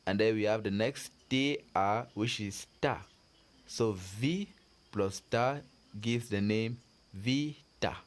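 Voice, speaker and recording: A man with a low voice runs a slow, deliberate pronunciation lesson. He repeats each word, breaks it into syllables and praises the learner patiently. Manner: drills words slowly with repetitions; patient, encouraging. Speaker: French teacher.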